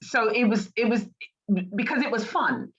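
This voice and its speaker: A fairly high, breathy-edged woman's voice at normal speed: a middle-aged British life coach telling her story as an interview guest. She animates the voices she quotes with energy, captured on dull lo-fi audio.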